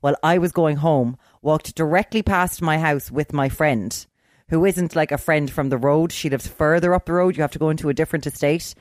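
A middle-aged Irish speaker telling a story in casual chat on a podcast, acting out every quoted voice and jumping between hushed asides and sudden high, loud bursts. The voice sits at a middle pitch and is recorded close and dry, with no room sound at all. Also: moderate pace, no echo. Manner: animated, acts out quoted voices with big swings in pitch and loudness.

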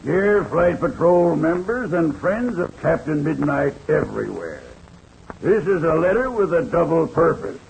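A man's voice: fairly high pitch, creaky, darkish tone, a little hiss or hum, poor audio. A man reading a sponsor's letter in a solemn, formal 1930s radio address. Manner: solemn, formal, measured delivery.

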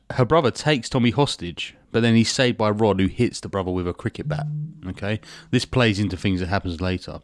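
Male podcast co-host, laid-back rambling storyteller, swears, low voice. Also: dry recording, clean studio sound. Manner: rambling, jokey plot recap with swearing. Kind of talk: casual comedic chat.

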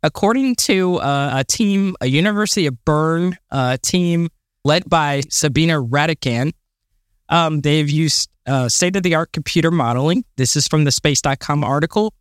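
A man's voice: fairly high pitch, moderate pace, smooth, dry recording, clean studio sound. A man co-hosting a space podcast in casual chat, enthusiastic and given to exasperated rants, with many fillers. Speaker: podcast co-host.

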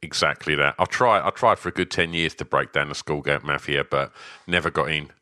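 A man's voice: very deep voice, fairly quick, bright, forceful tone, no echo, clean studio sound. A middle-aged man, co-hosting a podcast over a video call, full of teasing banter. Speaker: podcast co-host. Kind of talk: casual chat.

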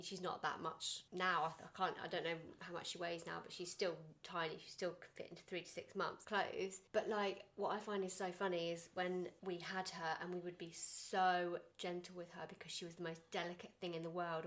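A young woman hosting a casual chat, talking in a chatty, animated way and acting out quotes. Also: fairly low pitch. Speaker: podcast host.

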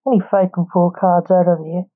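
A woman voicing a deadpan, insane young male sorcerer in a read-aloud story. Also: lowish voice, moderate pace, narrow, tinny audio, faint music behind, lightly acted.

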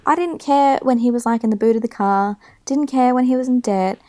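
A woman's voice: on the high side, a little fast, darkish tone. Blunt, ranting woman co-host. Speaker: podcast co-host. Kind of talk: casual chat.

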